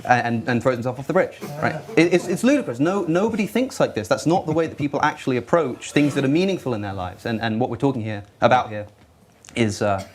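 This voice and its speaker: Fast-talking man telling lively anecdotes. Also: mid-range voice. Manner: quick, animated storyteller who acts out little scenes; frequent restarts and repeated words. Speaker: atheist panelist. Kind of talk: panel discussion.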